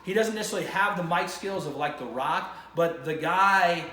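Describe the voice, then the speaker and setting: A man's voice: high-pitched, moderate pace, pushed and bright, a little hiss or hum. A male vlog host talking enthusiastically to camera, rambling and restarting his sentences. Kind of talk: casual to-camera monologue. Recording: roomy echo with faint ambience.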